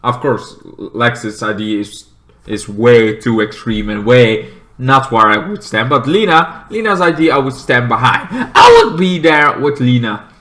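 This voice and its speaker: A man going over TV episodes solo rambles casually, leaning on lots of fillers. His delivery is sing-song and a little slow, punctuated by shrill, shouted character impressions.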